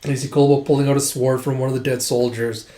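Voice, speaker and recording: A man casually recapping an anime episode, animated, acting out the characters' quotes as he goes. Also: mid-range voice, fast talker. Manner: animated, acts out quotes, says "it's like" often. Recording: roomy echo.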